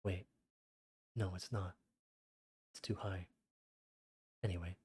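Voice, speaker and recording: Husky low-voiced male streamer. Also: slow pace, no room sound. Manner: reads viewer messages aloud in a flat rattled-off list; exasperated, rambling. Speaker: VTuber streamer. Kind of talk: casual livestream chat while gaming.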